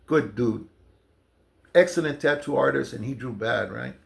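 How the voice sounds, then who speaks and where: A man's voice: medium pitch, moderate pace, gravelly. A man casually telling a long personal story, loose and conversational with lots of fillers and restarts. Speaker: storyteller recounting jail experiences.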